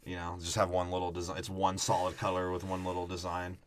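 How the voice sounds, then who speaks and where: A young man co-hosting a podcast, joking crudely in casual, animated chat. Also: sits low, fast talker. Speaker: podcast co-host.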